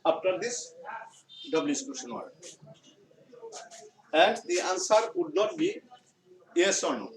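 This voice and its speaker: Slow Bangladeshi English teacher in echoey class. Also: male voice, high voice, wildly swooping pitch. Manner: slow, repetitive explaining, often restating phrases. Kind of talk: classroom grammar lesson. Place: school classroom. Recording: echoey room, far mic, noisy background.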